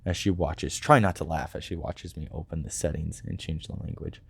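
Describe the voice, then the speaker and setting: A man with a very deep, gravelly voice narrates a first-person story in a quiet, subdued way. The recording is close and dry, with no room sound. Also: steady tone, fairly quick, dry recording. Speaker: audiobook narrator.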